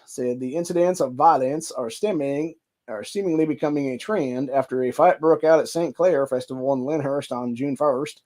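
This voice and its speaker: A man's voice: mid-range voice, moderate pace, darkish tone. A man with an Ohio accent, hosting a show, reading news articles aloud and breaking into heated, profane rants. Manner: heated, profane ranting between stretches of reading. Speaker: podcast host.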